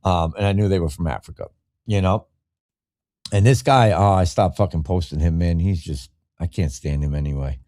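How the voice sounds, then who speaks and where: A man's voice: sits low, normal speed, mellow, no echo, clean studio sound. A man hosting a live podcast, ranting heatedly and profanely in casual talk, reading viewer comments between tirades. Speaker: podcast host. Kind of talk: casual live-stream rant.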